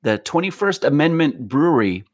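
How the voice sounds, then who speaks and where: A man's voice: a little high, very animated, moderate pace, dry recording, studio quality. A man in casual chat who talks animatedly and laughs often.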